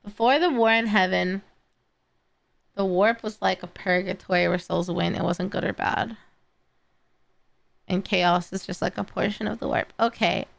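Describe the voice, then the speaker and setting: At a moderate pace and medium pitch, a young woman streams live, reacting to videos and chat. She's tired and yawning, her creaky voice pausing often as she rambles with many fillers and restarts.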